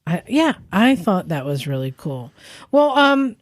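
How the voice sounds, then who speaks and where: A woman's voice: fairly low pitch, big pitch swings, slow pace, dry recording. A woman co-hosting a podcast in casual chat, chatty with many fillers and frequent laughs. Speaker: podcast co-host.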